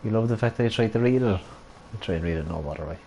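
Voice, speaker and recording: A man chats casually on a live gaming stream, teasing his viewers in an easygoing, jokey way. His voice sits a little low, with a warm, mellow tone. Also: lively intonation, fast, slight background noise, poor audio. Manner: jokey banter with chat.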